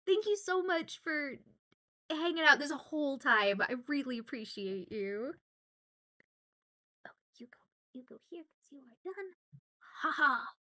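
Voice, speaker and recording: A woman from Southwest Louisiana chatting casually on a livestream while signing autographs, giggling often and filling pauses with "um" and "uh.". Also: high voice, expressive, sharp tone. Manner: chatty and giggly, with many fillers. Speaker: voice actor signing autographs on stream.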